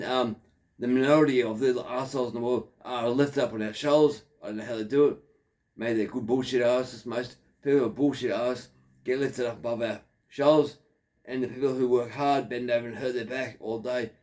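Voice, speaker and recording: A man's voice: medium pitch, fairly even intonation, normal speed, a little mellow. A man in his fifties with an Australian accent, telling a crude, digressive story in a rambling monologue. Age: 50s. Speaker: factory worker.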